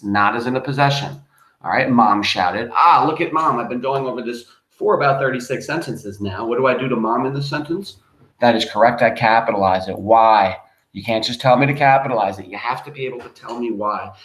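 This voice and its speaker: A man's voice: mid-range voice, fairly bright tone, reverberant, low-quality recording. A man teaching a grammar lesson, patient and emphatic, spelling words out letter by letter. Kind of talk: grammar lesson over a screen.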